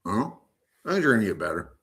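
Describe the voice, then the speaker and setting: Low-voiced rambling American man streaming. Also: very animated, brisk, heavy background noise. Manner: rambling, joking, loose and unfiltered. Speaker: live-stream host. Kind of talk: rambling live-stream monologue.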